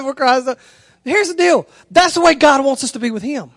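A man's voice: brisk, no room sound, studio quality. A man, preaching a sermon through a folksy, conversational story. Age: 30s. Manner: folksy, conversational storyteller, voice rises high when excited.

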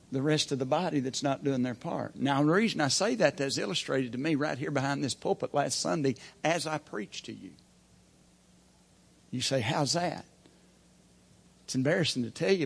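A man's voice: on the high side, creaky, breathy edge. A man preaching a sermon from the pulpit as pastor, folksy and plain-spoken, asking the congregation rhetorical questions. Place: church pulpit.

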